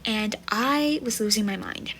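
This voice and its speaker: A woman's voice: medium pitch, measured pace, a bit bright, slight background noise, poor audio. A young woman and university student telling a casual storytime vlog, rambling with many fillers and often dropping to a near whisper. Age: young adult. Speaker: vlogger.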